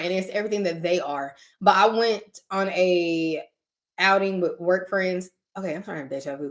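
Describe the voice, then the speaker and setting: A woman hosting her channel, chatting casually with viewers about spiritual matters. She tells stories in an animated way and acts out her own reactions. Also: mid-range voice. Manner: uses casual slang, talks directly to listeners. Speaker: channel host talking to viewers.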